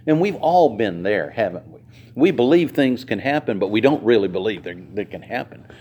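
A man's voice: on the low side, expressive, normal speed, mellow, dull audio, a little hiss or hum. A male pastor reading scripture aloud and preaching to his congregation, acting out the quoted voices and speaking directly to the listeners. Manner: conversational, addressing the congregation directly.

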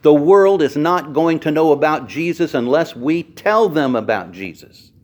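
Lively, emphatic male preacher. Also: a little high. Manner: emphatic, repeats key phrases, slows down to stress words. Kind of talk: sermon.

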